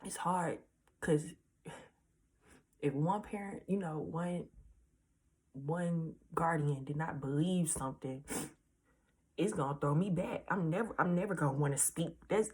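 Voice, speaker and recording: Earnest young woman, low husky voice. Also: a little slow. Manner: earnest, repeats reassurances directly to viewers; casual slangy speech. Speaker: vlogger. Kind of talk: heartfelt storytime vlog.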